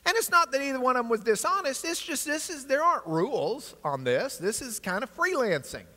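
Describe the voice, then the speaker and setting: Animated high-voiced man teaching in a hall. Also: fairly quick. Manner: energetic, animated storytelling with asides to the class. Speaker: Bible class teacher. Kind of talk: lively lecture to a class. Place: large church classroom. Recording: long hall reverb.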